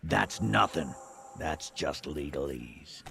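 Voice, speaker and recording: A gruff, gravelly bar tough. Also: male voice, a bass voice, expressive, slow pace, noisy background, full character voice. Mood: scornful. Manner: scornful, profane. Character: hostile gruff man at a bar.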